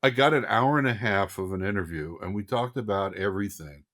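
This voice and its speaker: An older man, a film director guest on a podcast, telling a lively story and acting out voices. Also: on the low side, fairly quick. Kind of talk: casual anecdote telling.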